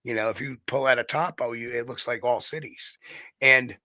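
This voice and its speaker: A man's voice: medium pitch, steady tone, moderate pace, bright, forceful tone, dry recording. A middle-aged man from New York State, a guest researcher explaining things in a rambling, self-correcting way during a casual interview.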